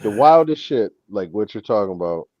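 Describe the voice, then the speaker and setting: Animated New York man telling a story. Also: lowish voice, normal speed, no echo. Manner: animated storytelling, acts out quoted people. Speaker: co-host. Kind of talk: casual chat. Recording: dull lo-fi sound.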